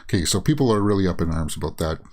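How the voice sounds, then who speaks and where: A man's voice: low voice, lively intonation, racing, darkish tone. A man hosting a casual movie news show, rambling through reactions with many fillers and frequent chuckles. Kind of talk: casual commentary while browsing and reading tweets.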